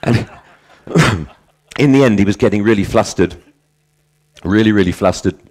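A man's voice: lowish voice, normal speed, darkish tone. A middle-aged man speaking at a conference on language teaching, in a conversational way, telling anecdotes and correcting himself as he goes. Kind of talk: conference talk.

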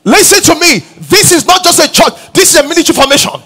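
A middle-aged man preaching a fiery sermon, shouting commands and muttering mocking quotes in a raspy voice. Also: fast talker, faint music behind. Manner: shouting, acts out mocking quotes in low mumbles. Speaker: pastor. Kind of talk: energetic sermon.

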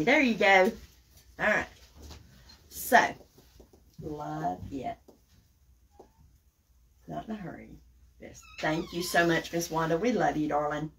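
A woman with a Southern accent hosting a live craft tutorial, chatting folksily with viewers as she works. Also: low-pitched. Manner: chatty and folksy, addresses viewers as guys and y'all. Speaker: craft tutorial livestream host. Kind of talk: casual live craft demo, reading viewer comments.

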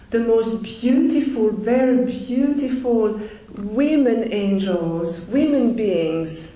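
Woman, testimony talk, earnest, unhurried, mellow tone, heavy room echo. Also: on the high side. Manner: slow, earnest, with frequent restarts and fillers. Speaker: speaker sharing a near-death experience.

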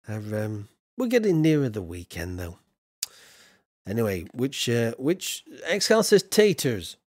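A young man streams a building game, keeping up a loose, friendly patter and reading viewers' chat aloud. His pitch swings up and down, and the sound is close and dry, with no room echo. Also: darkish tone. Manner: chatty, reads viewer comments aloud. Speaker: gaming streamer. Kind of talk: live-streamed gameplay chat.

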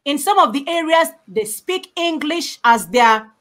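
High-voiced emphatic woman from Africa. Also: expressive, measured pace, fairly bright tone. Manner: emphatic, repeats key points for stress. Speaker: panel speaker. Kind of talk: impassioned panel talk.

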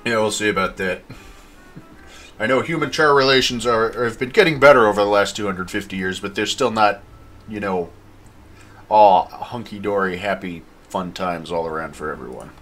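A man's voice: fairly low pitch, moderate pace, fairly bright tone, faint music behind. A man playing a fantasy game, joking and reading the character dialogue aloud. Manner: jokey, reads quest dialogue in put-on voices. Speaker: gamer playing and voicing dialogue. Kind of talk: let's play commentary, reading dialogue aloud.

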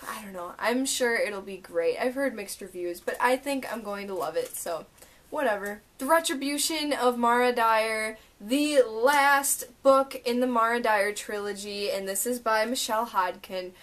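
A young woman vlogging a casual book haul and unboxing, gushing and excitable as she talks through each book. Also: a little high, a little slow. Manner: gushing, excitable, lots of "oh my gosh".

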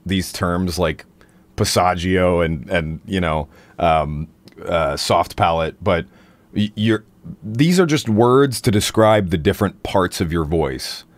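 A man's voice: a little slow, no echo. A man hosting a casual livestream about singing technique, rambling and playful with lots of fillers. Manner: rambling, playful, drops into silly high demo voices. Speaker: singer and stream host.

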